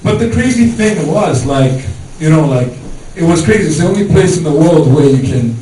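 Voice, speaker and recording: During a stand-up set before an audience, a man tells stories loosely, using many fillers, in an expressive, fairly high-pitched voice with a dark tone at normal speed. The echoey room, far-off mic, crowd, laughter, and slight background noise all come through.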